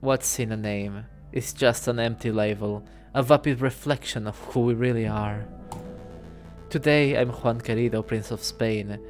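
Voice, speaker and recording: A man voicing a sly male fox detective who poses as a prince, speaking smoothly, quietly and theatrically. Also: mid-range voice, fairly even intonation, a little slow, soft background music, close to an everyday voice. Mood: musing.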